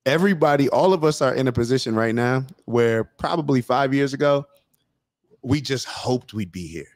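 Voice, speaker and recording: Male host, mid pitch, dry close sound; motivational, reflective talker. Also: animated, normal speed, no room sound. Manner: reflective, motivational, many fillers. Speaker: podcast host. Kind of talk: casual conversation.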